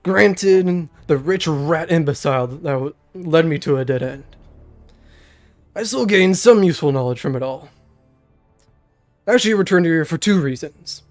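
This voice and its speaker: Young man playing secretive old mage in a tabletop game: grave, measured, a bit groggy, voice still sits fairly high. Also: animated, soft background music. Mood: solemn. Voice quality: slightly lowered, groggy-sounding voice. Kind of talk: game master voicing a character.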